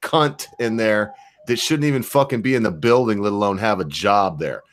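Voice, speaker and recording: A man co-hosting a casual chat show, ranting loudly and swearing freely. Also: on the low side, normal speed. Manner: profane, ranting. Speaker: podcast co-host.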